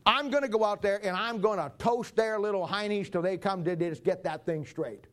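A preacher doing God as a fuming boss. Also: male voice, high-pitched, moderate pace, fairly bright tone, voice pushed up. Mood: outraged. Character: God as an exasperated, hot-tempered man.

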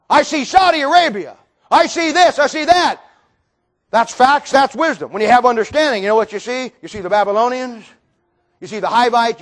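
A man preaching a sermon in a fiery, folksy way, full of rhetorical questions and sudden bursts of shouting. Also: very high-pitched.

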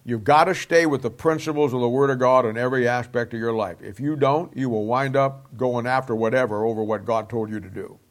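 A man's voice: mid-range voice, brisk, hardly any pauses. A man teaching a Bible lesson in a folksy, conversational preaching style, asking his listeners rhetorical questions.

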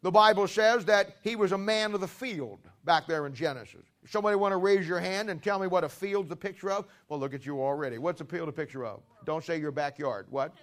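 A man with a strikingly high voice preaches to a congregation. He asks them questions and leans hard into his key lines, rising into near-shouts when he drives a point home. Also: brisk, few pauses. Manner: emphatic, questions the congregation and builds to loud stresses. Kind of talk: sermon.

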